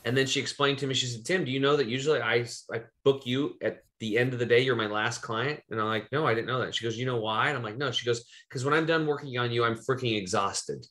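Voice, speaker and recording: A fast-talking man with a mid-range, slightly bright voice barely pauses as he hosts his podcast. He's from Eastern Oregon, and his personal story comes out as loose, rambling casual talk sprinkled with swearing.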